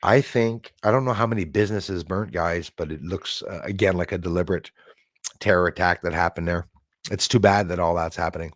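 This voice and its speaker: This male livestream host from Canada talks with a low pitch at a slightly quick pace, rambling and chatty in casual stream banter. He thanks viewers by name, and the close mic sounds dry.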